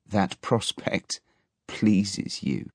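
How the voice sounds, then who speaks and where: A man's voice: on the low side, fairly even intonation, very slow, no room sound, clean studio sound, exaggerated voice. A man voicing a tired, weary male prison governor with a disdainful manner.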